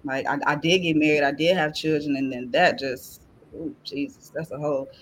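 A woman's voice: low voice, fairly even intonation, moderate pace, a little hiss or hum. Earnest woman sharing a faith testimony. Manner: earnest and emotional, heavy use of "like". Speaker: podcast guest.

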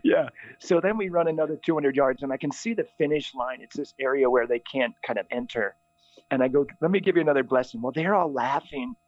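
A middle-aged priest telling a funny story in conversation, animated and laughing often. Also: male voice, medium pitch, a little fast, no room sound. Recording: dull, dry lo-fi sound.

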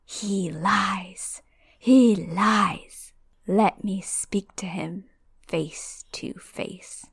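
A woman voicing a sinister disembodied male dark wizard in a hissing whispered role-play, reading a storybook aloud. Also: lowish voice, fairly even intonation, unhurried, no room sound, studio quality. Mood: menacing.

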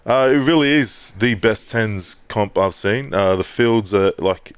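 A man's voice: fairly low pitch, unhurried, clear, resonant tone, no echo. A man co-hosting a podcast, telling swearing-laced stories in casual chat and mimicking the people he quotes. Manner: swearing, animated storytelling with put-on quotes. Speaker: podcast co-host.

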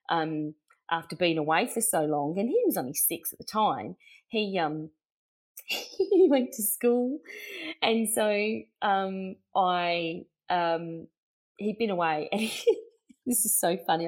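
A middle-aged woman with an Australian accent, telling personal stories as a guest in a casual chat, laughing often and acting out what people said. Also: lowish voice. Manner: chatty, laughing, acts out quotes. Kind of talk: casual anecdotal storytelling.

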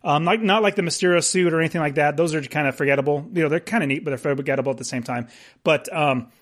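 Excitable man chatting with easy laughs. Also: fairly high pitch, fast talker. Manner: laughs often, excitable, rambling with restarts. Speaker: podcast co-host. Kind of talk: casual chat.

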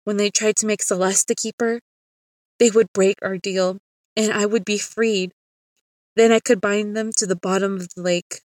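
A woman voicing the calm, tender spirit of a dead grandfather in a storybook tale, speaking softly and sadly. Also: medium pitch, moderate pace, dry recording, clean studio sound, close to an everyday voice. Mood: solemn. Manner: soft, sad, reassuring.

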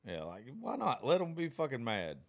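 A man's voice: medium pitch, huge pitch swings, normal speed, gravelly. A man in his thirties in a casual chat, rambling with lots of fillers and swearing about his daughter.

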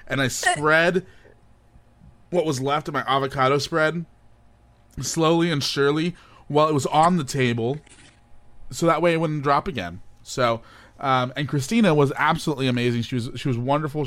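A young man co-hosting a podcast, telling a story in casual chat, animated and often breaking into laughter. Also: mid-range voice, dry recording. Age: young adult. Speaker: podcast co-host.

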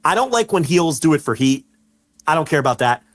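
A man co-hosting a casual wrestling podcast, telling stories with animation and shouting out the lines he quotes. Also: a little high, sing-song, brisk. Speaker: podcast co-host.

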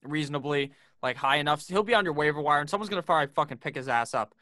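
Man, podcast host, casual profane banter, bright forceful tone, dry close sound. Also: on the high side, lively intonation, very fast, dry recording. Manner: profane, joking, brash. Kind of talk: casual sports podcast chat.

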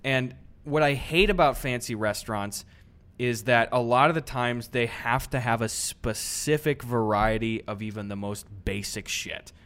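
A young man with a mid-pitched voice co-hosting a podcast. He rambles in a relaxed, conversational way, cursing casually as he talks. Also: normal speed. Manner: laid-back, swearing, rambling. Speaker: podcast co-host. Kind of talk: casual chat.

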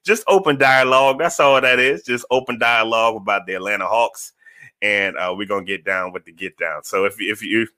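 Forceful low-voiced man hosting a podcast. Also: brisk, no echo. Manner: animated, talks to chat viewers, repeats phrases for emphasis. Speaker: podcast host. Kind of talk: casual sports podcast talk.

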